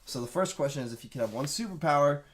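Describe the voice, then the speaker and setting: A man with a slightly high voice introduces the topic for the group, pausing and restarting as he lays out his questions. He sounds casual and unhurried. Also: lively intonation. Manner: hesitant, posing questions with fillers and restarts. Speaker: podcast co-host bringing the topic. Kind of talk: casual chat.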